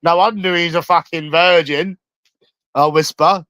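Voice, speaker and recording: A man's voice: fairly high pitch, steady tone, a little slow, a bit bright, no echo, rough recording. A man with a London accent, chatting casually on a live stream from a room at home, brash and rambling with heavy swearing.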